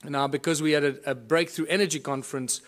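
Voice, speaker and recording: A man's voice: on the high side, fairly even intonation, fairly quick, a bit bright. A man giving a conference lecture, explaining things and pointing them out to his audience as he demonstrates. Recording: echoey room.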